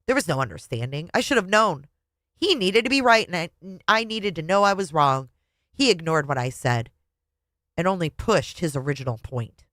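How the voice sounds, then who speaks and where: A woman's voice: on the low side, moderate pace, no echo. A woman reading a memoir aloud with feeling and adding her own commentary as a reviewer. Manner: expressive, emotional reading. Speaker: book reviewer.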